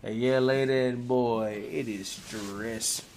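A man's voice: medium pitch, fairly even intonation, takes it slowly, darkish tone, slight background noise. Casual swearing male podcast co-host. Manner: swears freely, laughs often, casual slang. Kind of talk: casual chat.

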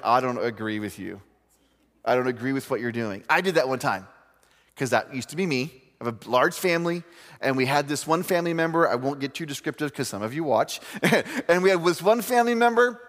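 Animated male preacher in a reverberant hall. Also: a little high. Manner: animated storytelling with humor and quoted voices. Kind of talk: sermon.

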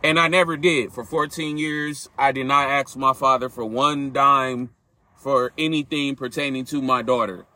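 A man's voice: mid-range voice, steady tone, normal speed, bright, forceful tone. A man hosting a podcast, telling a personal story in an earnest, reflective way and speaking directly to his listeners. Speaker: podcast host.

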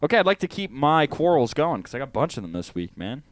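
A young man from Canada co-hosts a casual comedic podcast, rambling and quick to get exasperated. His voice sits a little high and moves with lively pitch. The recording is dry and close. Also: no echo. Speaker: podcast co-host.

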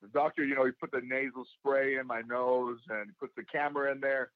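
A man with a raspy, worn voice talks casually as an interview guest. He tells stories with energy and acts out other people's lines. The sound is dull and dry, with no room echo. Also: medium pitch, brisk. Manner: animated storyteller who acts out quotes. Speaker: guest, actor and comedian.

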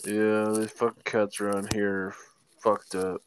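A man's voice: fairly low pitch, flat delivery, measured pace, smooth. A man chatting casually on a podcast, laid-back and giving short replies. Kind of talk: casual chat.

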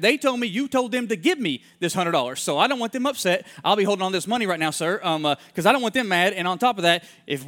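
Fast-talking animated male preacher. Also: high-pitched. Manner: animated storyteller who acts out the people he quotes; drops to soft, hushed tones in heartfelt moments. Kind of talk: sermon storytelling.

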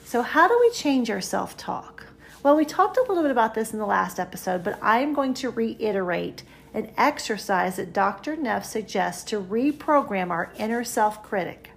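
Gravelly-voiced woman hosting a self-help podcast. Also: on the high side, sing-song, moderate pace. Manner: chatty, coaching the listener directly. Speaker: podcast host.

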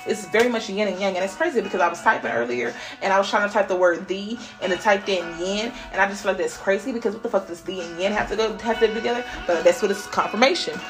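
A woman's voice: medium pitch, quick pace, few pauses, music in the background. A woman hosting a podcast, giving a casual spiritual pep talk in a blunt, profane way. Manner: blunt and profane, swears freely. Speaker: podcast host.

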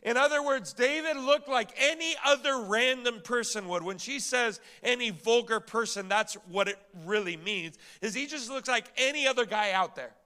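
A man's voice: very high voice, moderate pace, hardly any pauses, sharp tone, clear, resonant tone. A male pastor preaching a sermon, emphatic, asking the congregation rhetorical questions and repeating words as he builds each point.

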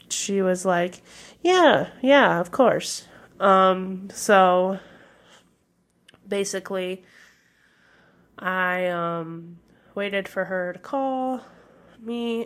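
Slow-talking young woman podcast host. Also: mid-range voice. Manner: hesitant, many fillers, vague and candid. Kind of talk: casual solo podcast talk.

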